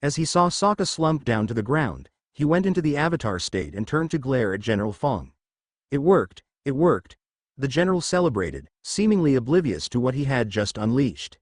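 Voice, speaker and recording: Brief: male storyteller, steady narration, pitch moves a lot, dry close recording. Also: brisk, few pauses, no room sound.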